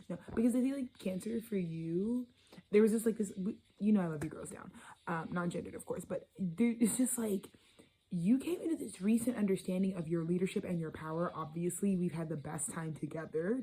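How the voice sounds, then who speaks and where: A woman giving a casual, channeled tarot reading to her viewers. She talks in a loose, profane, animated way. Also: lowish voice, a little hiss or hum. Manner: loose, profane, animated, slipping into quoted voices. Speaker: tarot reader.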